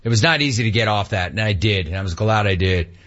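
A man in his fifties hosting a call-in talk radio show, ranting with animated energy and mocking voices. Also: quick pace, muffled recording. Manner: animated ranting, mocks cheerful clerks in a high voice. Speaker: radio talk show host taking calls.

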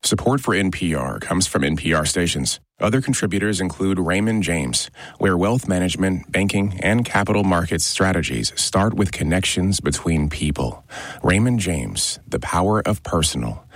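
A man reads a radio sponsor message in a smooth announcer's style. His voice is very deep and husky. The sound is dry. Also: animated, normal speed, dry recording.

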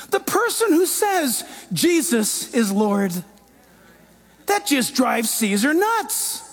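Pastor guy preaching, really high voice, lively, throws in little character voices. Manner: animated preaching, acts out quoted voices. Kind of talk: sermon.

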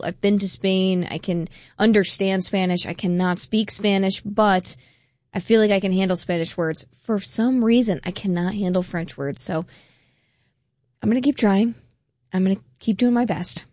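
A woman's voice: mid-range voice, darkish tone, no echo, studio quality. Chatty self-deprecating woman radio DJ. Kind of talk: casual radio DJ chat between songs.

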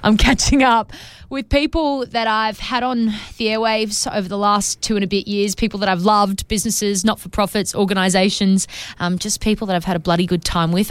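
An Australian woman in her thirties hosts a relaxed radio chat. She talks chattily, laughs easily, and her voice sounds dry and close in the studio. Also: fairly high pitch, clean tone, no echo. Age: 30s. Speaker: radio host. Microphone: studio microphone.

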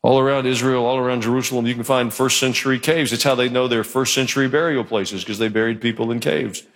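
A man's voice: mid-range voice, fairly even intonation, fast talker. A male pastor preaching a sermon in church, in a conversational, joking manner. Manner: conversational and joking, acts out quotes.

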